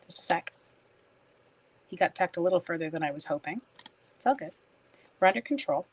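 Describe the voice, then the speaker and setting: A woman's voice: lowish voice, gravelly, husky. Chatty woman crafting live on stream. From Canada. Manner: chatty, self-mocking, talks to viewers by name while working. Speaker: papercraft demonstrator live-streaming. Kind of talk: casual live-stream chat while crafting.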